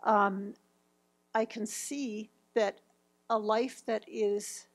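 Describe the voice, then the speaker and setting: A woman's voice: mid-range voice, steady tone, very slow. A woman in her fifties presenting a grief seminar, speaking reflectively as she walks through slides and quotes. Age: 50s.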